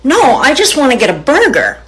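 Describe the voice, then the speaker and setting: A woman's voice: high-pitched, wildly swooping pitch, moderate pace, voice pushed up. A woman voicing a shabby homeless man who pleads meekly and stammers. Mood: pleading.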